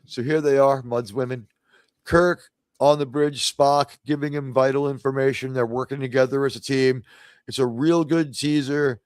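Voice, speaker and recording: A man's voice: medium pitch, fairly even intonation, moderate pace, clean tone, no echo. Man, livestream host, rambling casual chat, dry close sound. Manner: rambling, many fillers and restarts. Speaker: podcast host.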